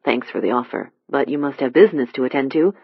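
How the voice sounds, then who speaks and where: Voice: mid-range voice, fast talker, creaky, slightly rough, no echo. Insistent, probing man, voiced by the narrator; subdued, dull dry read. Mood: polite. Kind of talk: audiobook dialogue.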